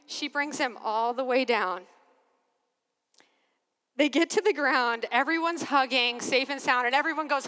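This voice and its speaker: Nun telling stories to a big arena, high bright voice, long hall echo, lots of laughs and acted-out quotes. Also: female voice, moderate pace. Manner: expressive, acts out quotes, laughs often. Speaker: religious sister giving a keynote. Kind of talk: animated storytelling talk. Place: large convention arena.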